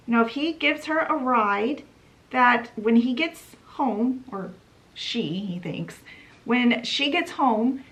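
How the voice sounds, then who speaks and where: A woman retells a classic story for her book channel, chatty and playful, with dramatic asides. Her voice sits a bit high and she takes her time, letting each beat land. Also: fairly bright tone, low-quality recording. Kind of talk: casual story summary.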